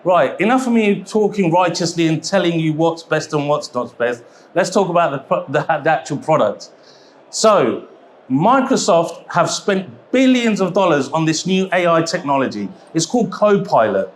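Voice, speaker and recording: A man presenting a seminar at a trade expo, chatty and jokey, with quick asides. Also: a little high, very animated, a little hiss or hum. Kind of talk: live seminar talk. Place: exhibition hall seminar.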